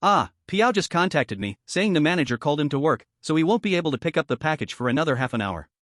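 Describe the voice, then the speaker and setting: A man reading the lines of a gentle, friendly middle-aged security guard. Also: on the high side, sing-song, fast talker, no room sound, clean studio sound.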